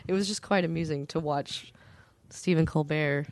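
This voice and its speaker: A woman's voice: low-pitched, moderate pace, a little mellow. A woman guest on a podcast, telling a story in chatty casual talk, laughing easily and swearing. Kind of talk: casual political chat.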